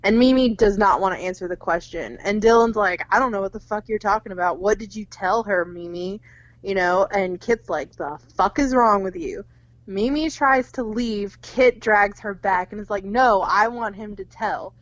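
A young woman runs through a film's plot in casual podcast chat, peppering it with "like" and little acted-out quotes. Her voice sits at a middle pitch. The sound is dull and lo-fi, close and dry. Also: normal speed, dry recording. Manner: retells the plot with lots of "like" and acted quotes, swears freely. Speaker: podcast co-host. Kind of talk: casual movie recap chat.

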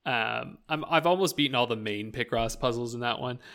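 Man, young adult, casual podcast chat, rambling with fillers, bright forceful voice. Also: mid-range voice, brisk, vocal fry. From rural Canada. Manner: rambling, full of "like" fillers, laughs often. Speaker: podcast co-host. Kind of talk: casual chat about video games.

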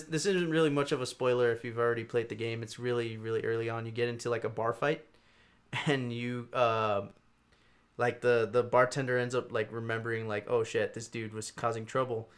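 A young man talking loosely and profanely at an ordinary middle pitch. He rambles, restarts sentences and gets animated when a story heats up. It sounds like easy banter between friends. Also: moderate pace. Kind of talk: casual chat.

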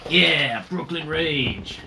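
A man's voice: fairly high pitch, lively intonation, drawn-out words, gravelly, sharp tone, slight background noise. A man co-hosting a podcast in casual chat, with a dry, laid-back manner and easy laughter. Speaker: podcast co-host.

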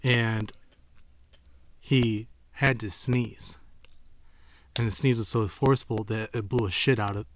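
A man's voice: on the low side, steady tone, slow pace, long pauses, slight background noise. A man co-hosting a podcast, telling a crude story in a joking, casual way. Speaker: podcast co-host.

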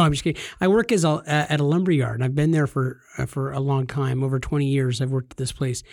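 A man's voice: fairly high pitch, a little mellow, no echo, studio quality. A man co-hosting a casual podcast, telling stories with a joking manner and acting out the people he quotes. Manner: jokey storyteller, acts out quoted people. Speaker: podcast co-host.

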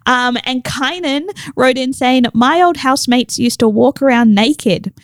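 A woman's voice: sits high, a little slow, no echo. A woman co-hosting a casual podcast, giggling as she reads out listener stories. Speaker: co-host.

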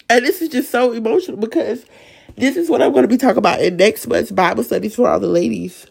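Woman, gravelly hoarse-sounding voice, emotional devotional chat, halting restarts. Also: fairly high pitch, darkish tone. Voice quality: raspy voice from sinuses. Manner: emotional, earnest faith testimony with stutters and restarts. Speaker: Bible study leader. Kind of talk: casual devotional talk.

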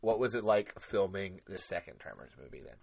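A man's voice: deep voice, lively intonation, brisk, vocal fry, husky, dry recording. A young man hosting a podcast, chatting casually and rambling onto tangents with lots of laughter. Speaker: podcast host. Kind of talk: casual chat.

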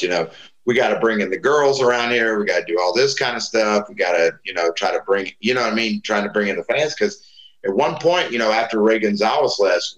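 A middle-aged man telling stories in casual talk, acting out the voices of the people he quotes. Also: fairly low pitch. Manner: animated, acts out quoted voices. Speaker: guest. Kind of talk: casual storytelling. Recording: roomy echo.

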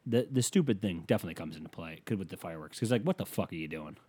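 A man's voice: deep voice, rapid-fire, husky. Rambling, swearing male comic. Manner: rambling, profane, lively. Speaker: comedian. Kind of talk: profane stand-up rant.

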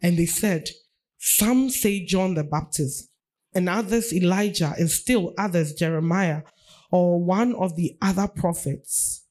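A woman's voice: lowish voice, a little slow, a little mellow. A woman pastor preaching a sermon, repeating phrases for emphasis.

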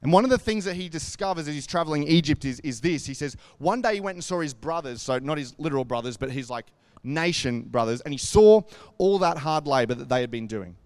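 Guy preaching casually, slightly high voice, bone dry close sound, lots of like and asides. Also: expressive, fairly quick, no echo. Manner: earnest and conversational, with lots of "like" and asides. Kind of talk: devotional talk retelling a scripture story.

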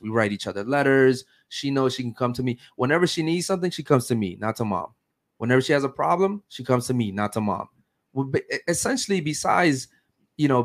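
A man in his thirties hosting a casual podcast chat, talking emphatically and often checking in with "right?". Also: medium pitch. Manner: emphatic, keeps asking "right?". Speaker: podcast host.

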